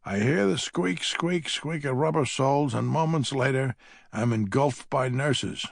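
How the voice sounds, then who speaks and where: Slow gravelly man, wry audiobook narration. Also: mid-range voice, no echo, clean studio sound. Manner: wry, grumbling. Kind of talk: scripted first-person audiobook narration.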